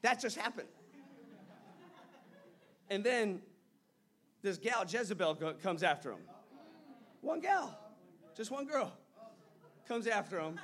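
High-voiced animated male preacher. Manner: animated storytelling, shifting from loud to hushed. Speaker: pastor. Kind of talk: sermon. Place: church.

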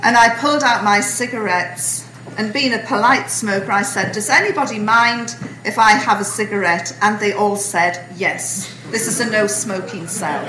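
Woman storyteller, bright, wry and animated, echoey hall. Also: mid-range voice, normal speed, slight background noise. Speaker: speaker recounting her imprisonment. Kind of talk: storytelling talk to an audience.

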